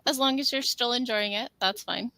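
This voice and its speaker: A woman's voice: fairly high pitch, moderate pace, pushed and bright, no echo. A woman co-hosting a casual live stream, chatting and reading out comments from the chat. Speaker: stream co-host.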